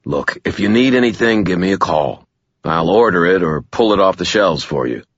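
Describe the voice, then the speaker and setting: A tired, cautious middle-aged bookshop owner, voiced by a man reading an audiobook, speaking in a careful, quiet way. The voice is extremely deep with a husky edge. The recording is dry and dull, with a lo-fi feel. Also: lively intonation, moderate pace, no room sound. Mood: guarded, apologetic.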